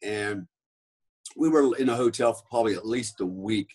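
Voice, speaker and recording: Man, middle-aged, from the US, husky, podcast guest, casual rambling storytelling. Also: lowish voice, normal speed, a little mellow. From United States. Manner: rambling, profane, lots of fillers.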